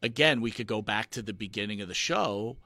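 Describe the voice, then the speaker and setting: A man co-hosting a casual talk show, halting and full of restarts and fillers, emphatic and earnest when he presses a point. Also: fairly low pitch, pushed and bright, dry recording. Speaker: podcast co-host. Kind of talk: casual conversational commentary.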